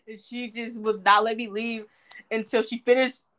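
A young adult woman hosting a podcast, telling stories in a chatty, animated way with lots of fillers. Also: fairly high pitch, a little fast. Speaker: podcast host. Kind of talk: casual chat.

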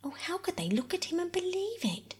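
A woman softly voicing an earnest, worried young girl in a whispered role-play reading. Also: on the high side, lively intonation, normal speed, gravelly, pitched above the performer's own voice. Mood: pleading. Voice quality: soft whisper.

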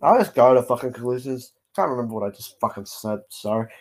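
A man's voice: medium pitch, lively intonation, fast. An Australian man in a casual online voice-chat debate who rambles and swears in nearly every sentence.

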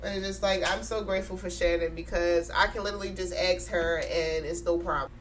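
A woman's voice: on the low side, fairly even intonation, a little fast, slight background noise. A woman in her twenties interviewing her co-host in a chatty, supportive way, with lots of fillers. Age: 20s. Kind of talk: casual chat.

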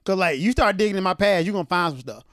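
A man's voice: sits high, animated, fast talker, fairly bright tone, no room sound, studio quality. A man co-hosting a casual podcast chat in a loose, slangy way, often laughing. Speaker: podcast co-host.

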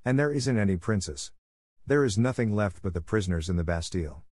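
A man voicing a grave, gentle little girl who speaks softly and sadly. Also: on the low side, expressive, a little fast, no echo, clean studio sound. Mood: wistful. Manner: soft, subdued.

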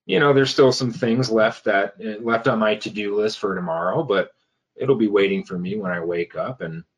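A health coach giving casual advice, pausing often with fillers and restarting phrases. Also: male voice, on the low side. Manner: hesitant, many fillers and restarts.

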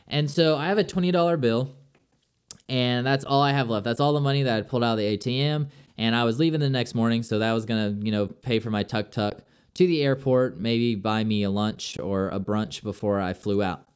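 A man's voice: medium pitch, fairly quick, clean tone. A young man casually telling a personal travel story, chatty and loose, full of "like" and "I'm like".

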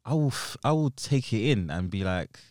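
A man in a casual group chat, soft-spoken and reflective. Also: fairly low pitch, lively intonation, normal speed, dry recording, clean studio sound.

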